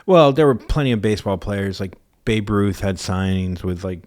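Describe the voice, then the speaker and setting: A young man co-hosting a comedy podcast with a lowish voice. He talks casually and bluntly, swearing freely as he riffs with his co-host. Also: lively intonation, moderate pace, a little mellow. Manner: blunt, profane, riffing.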